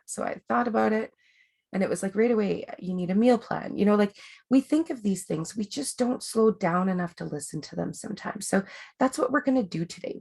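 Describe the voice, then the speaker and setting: A woman's voice: medium pitch, vocal fry, darkish tone. A woman life coach hosting a webinar, talking in a chatty, rambling way with many fillers and restarts. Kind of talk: casual coaching talk.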